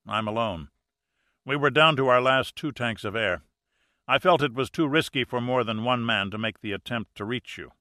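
A man voicing a calm male rescue diver who answers with dry understatement, read as an audiobook character. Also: mid-range voice, normal speed, no echo, close to an everyday voice.

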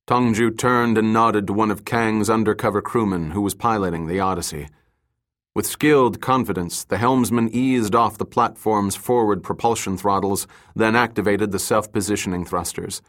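A man narrating a thriller audiobook in an even, measured reading. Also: on the low side. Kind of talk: scripted narration.

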